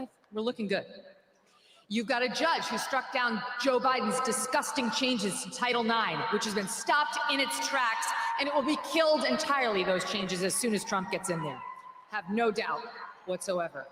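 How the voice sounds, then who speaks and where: A woman's voice: fairly high pitch, fairly bright tone. A woman giving a political rally speech, joking and mocking in a sarcastic way. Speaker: rally speaker. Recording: echoey arena with faint crowd noise.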